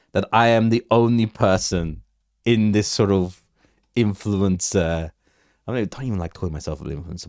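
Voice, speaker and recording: A man's voice: low voice, no room sound, clean studio sound. A man hosting a live crypto chart stream, chatting loosely, repeating himself and asking viewers for questions. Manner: rambling, repeats words, asks chat for questions. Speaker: crypto livestream host. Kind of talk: casual live market commentary.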